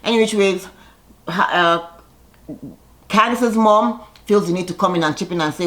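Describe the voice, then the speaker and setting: A woman giving a casual, gossipy recap of a reality show, chatty and animated when she quotes people. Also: fairly low pitch, moderate pace, long pauses.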